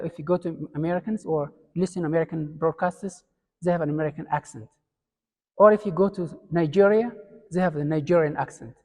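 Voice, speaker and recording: A man from Ethiopia with a high-pitched, mellow voice and an Ethiopian accent delivers a classroom lecture step by step, using fillers and restarting sentences. The recording carries a long hall reverb.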